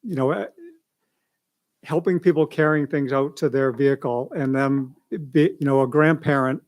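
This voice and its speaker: A man's voice: mid-range voice, steady tone, moderate pace. A man giving a rambling, conversational report at a school board meeting as a school administrator. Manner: rambling, conversational, many asides.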